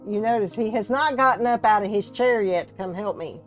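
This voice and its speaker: A Southern-accented woman from Texas and Alabama hosts a casual live crafting stream as a resin artist, chatting, laughing often, and greeting viewers by name. Her medium-pitched voice runs a little fast, with faint music behind.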